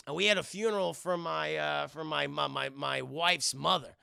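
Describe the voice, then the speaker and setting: A man casually recapping a film scene by scene for his live chat, rambling and profane, acting out the characters in quick voices. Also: fairly high pitch, steady tone, creaky, sharp tone, clean tone, no echo, studio quality. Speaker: film review streamer.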